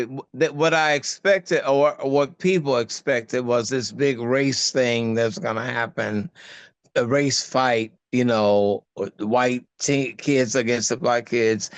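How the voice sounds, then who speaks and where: An older man, a guest actor, chatting in an interview and telling stories animatedly, with many halting restarts. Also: clear, resonant tone, no room sound. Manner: animated storyteller, voice jumping high for quoted asides. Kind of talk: casual interview chat.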